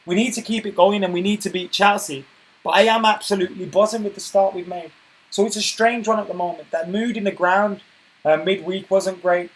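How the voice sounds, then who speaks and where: A man hosting a casual football live stream, chatting and reading viewer comments aloud, getting loud and worked up when he rants. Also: high-pitched, fairly even intonation, a little fast, poor audio. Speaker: football channel host reading live chat.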